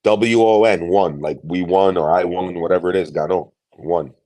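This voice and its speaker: Very deep mellow male co-host. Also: normal speed. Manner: relaxed, agreeable banter. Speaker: podcast co-host. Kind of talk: live fantasy football advice show.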